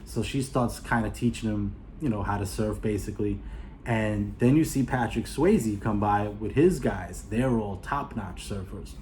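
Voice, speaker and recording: Man, mellow low-key tone, casual rambling plot retelling, many fillers, faint background hiss. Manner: rambling, full of "you know" and "uh" fillers; acts out the characters' lines in quick asides. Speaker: movie reviewer.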